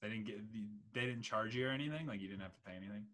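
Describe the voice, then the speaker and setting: A young man hosting a podcast, telling a story in casual, animated chat and swearing freely. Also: fairly low pitch, racing. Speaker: podcast host.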